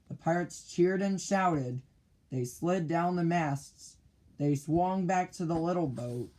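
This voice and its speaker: Man, children's book reader, very slow, clear, storytelling. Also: on the high side, a little mellow. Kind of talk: reading a children's picture book aloud.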